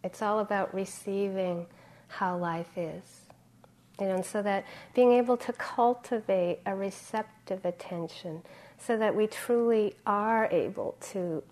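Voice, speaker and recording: A woman meditation teacher speaks in an easygoing, conversational way during a dharma talk. She pauses with fillers and clears her throat often. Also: mid-range voice, a little mellow.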